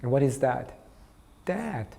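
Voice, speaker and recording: A man lecturing on art therapy, recounting a clinical case and acting out the dialogue between therapist and child, growing soft for the tender moments. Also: medium pitch, measured pace. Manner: storytelling, softens his voice for tender moments.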